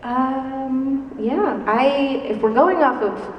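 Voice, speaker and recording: A woman talking with fannish excitement on a convention panel. Her voice comes from a distance and rings through a big hall with a long tail of echo. She chats in a loose, happy way. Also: high voice, takes it slowly, highs cut off, a little hiss or hum. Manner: enthusiastic fan, chatty and laughing. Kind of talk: casual panel chat. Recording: echoey hall, distant mic.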